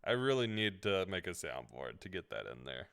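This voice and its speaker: Male streamer, low voice, very animated pitch, playful teasing banter, casual gameplay chat. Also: moderate pace, gravelly, clear, resonant tone.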